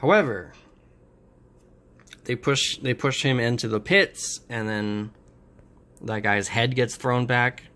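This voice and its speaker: A man talks through a comic book's plot at a middling pitch, in a loose, casual review. He stops and restarts often, filling gaps with hesitant sounds. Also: pushed and bright. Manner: halting, many fillers and restarts.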